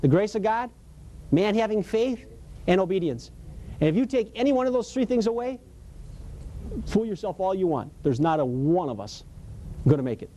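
Preacher, male, high mellow voice, casual and emphatic sermon delivery. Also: big pitch swings, moderate pace, pauses often. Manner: storytelling, emphatic, colloquial, laughs often. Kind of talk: conversational sermon.

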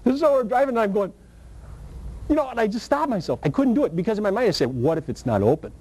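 A man preaching a sermon and telling his own testimony, with animated storytelling and sudden high, excited bursts. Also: fast talker, a little hiss or hum, rough recording.

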